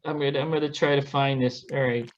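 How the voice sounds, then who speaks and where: A man's voice: medium pitch, steady tone, fast talker, muffled recording. Easygoing male guest telling stories. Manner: easygoing storyteller. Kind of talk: casual panel chat.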